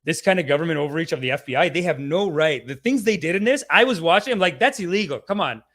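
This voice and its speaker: Brief: young man with a fairly high voice, profane and animated. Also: quick pace. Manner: animated and profane, acting out others in mock voices. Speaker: show host reviewing a documentary series. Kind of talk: casual rambling review monologue.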